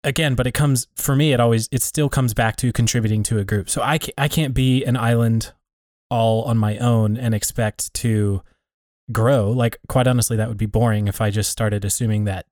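A man in a relaxed conversation, thinking aloud about community and faith, often restarting and rephrasing as he works out his point. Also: mid-range voice, normal speed, no echo, studio quality. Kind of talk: reflective casual conversation.

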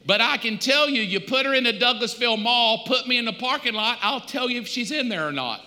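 A man's voice: very high voice, expressive, brisk, pushed and bright, long reverb tail. A male pastor, preaching in a conversational, storytelling way with touches of humor. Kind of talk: sermon.

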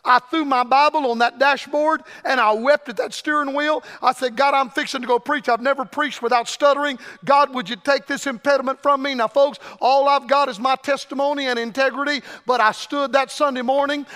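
An older man preaching a fiery revival sermon, his voice unusually high and ringing bright. He swings from shouts to hushed murmurs. The sound carries a long reverb from the church hall. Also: fairly even intonation, moderate pace, few pauses. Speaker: evangelist. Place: church sanctuary.

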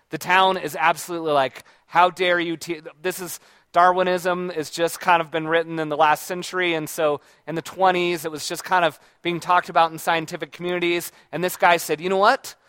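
A book reviewer chats casually and reflectively about books he has read, rambling with frequent restarts and self-corrections. His voice is high-pitched, a bit bright and smooth, with no echo.

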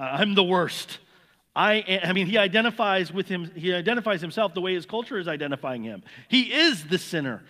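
High-voiced preacher in a reverberant hall. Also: male voice, sharp tone. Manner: earnest, repeats words when stressing a point. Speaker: pastor. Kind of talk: sermon.

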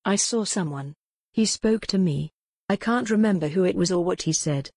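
A woman's voice: on the low side, normal speed, a little mellow, dry recording, studio quality. A woman voicing a frightened young woman who speaks urgently and insistently in an audiobook. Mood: anxious. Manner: urgent, demanding.

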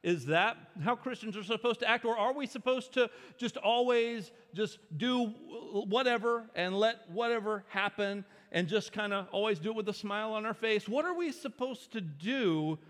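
A man's voice: high voice, moderate pace, few pauses, a bit bright. Man preaching in a big echoing hall. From Arkansas, US. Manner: conversational, self-deprecating storyteller with frequent fillers. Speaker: pastor. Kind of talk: sermon with a personal story. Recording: long reverb of a big hall.

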